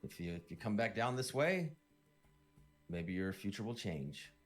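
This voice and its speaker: A man's voice: fairly low pitch, animated, measured pace, faint music behind. A man doing a cryptic old fortune-teller.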